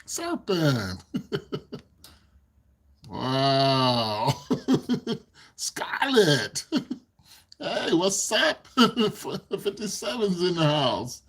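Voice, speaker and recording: A man's voice: a little high, sing-song, very slow, long pauses, a bit bright, slightly rough. A man hosting a casual livestream, chatting with his viewers, giggling often and rambling as he repeats himself into a desk microphone. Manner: giggly, laughs often between sentences. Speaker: livestream host.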